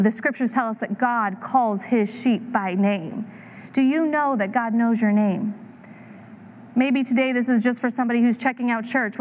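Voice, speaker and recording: A woman in her thirties preaching a sermon, telling a story with lively acted-out voices. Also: a little high, a little hiss or hum. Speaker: pastor.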